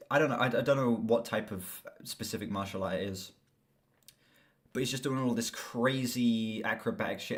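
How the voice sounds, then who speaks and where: A young man chatting casually on a live stream about movies, excitable and swearing freely. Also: medium pitch.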